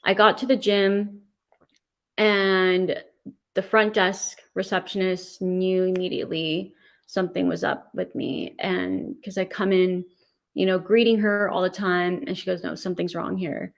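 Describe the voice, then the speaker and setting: Woman recounting a painful ordeal, halting. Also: lowish voice, level tone, vocal fry. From California. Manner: emotional, halting, with many restarts. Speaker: interview guest. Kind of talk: personal testimony in an interview.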